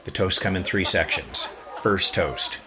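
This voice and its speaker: A low-voiced man hosts a casual podcast and walks listeners through a story with a joking, animated delivery. His pitch leaps sharply upward whenever he wants to stress a point. A faint hiss sits under the recording. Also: unhurried. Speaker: podcast host.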